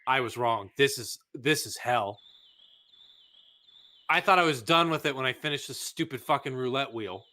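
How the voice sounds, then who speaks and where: Exasperated swearing man with a bright voice. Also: mid-range voice, expressive, moderate pace. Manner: exasperated, swearing, frustrated ranting. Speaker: let's play host. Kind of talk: casual gameplay commentary.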